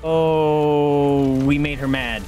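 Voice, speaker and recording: Young guy streaming a game, kinda high voice, slow drawl, swearing and yelling at the screen. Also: level tone, faint music behind. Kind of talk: excited gameplay commentary.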